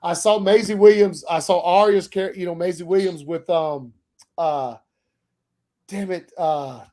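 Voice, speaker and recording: A man with a notably high speaking voice hosts a casual stream. He rambles, restarts sentences and swears freely, talking from a home setup. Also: measured pace, dark tone. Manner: loose, profane, rambling with many restarts. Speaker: podcast host. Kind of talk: casual chat.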